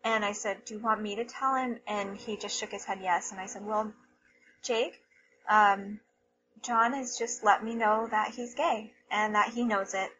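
A woman, a mother, telling a personal story in an interview, animated and repeating herself, often laughing. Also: medium pitch, a little slow, lo-fi sound, slight background noise.

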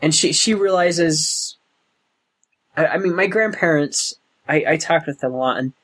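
A young man being interviewed, talking in a slow, thoughtful way with many pauses and restarts. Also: fairly high pitch, fairly bright tone, low-quality recording. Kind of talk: oral history interview.

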